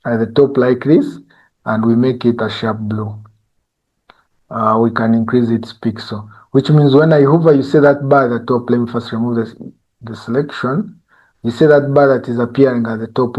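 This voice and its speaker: A male instructor giving a live software tutorial, talking conversationally and often checking in with "eh?" and "you see?". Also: fairly high pitch, dull audio.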